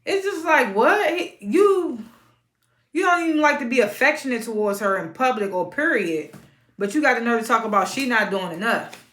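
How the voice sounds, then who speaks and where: A woman giving a casual, outspoken recap of a reality TV episode, animated and prone to sudden high-pitched exclamations. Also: brisk, reverberant. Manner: informal and outspoken.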